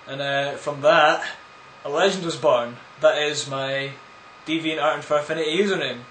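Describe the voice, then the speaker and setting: A man rambles through viewer questions in a casual vlog, tossing out crude, absurd jokes. His voice sits a little high for a man. The room gives it a noticeable echo, with a faint hiss underneath. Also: fairly even intonation, moderate pace, few pauses, fairly bright tone. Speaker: vlogger answering viewer questions. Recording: echoey room.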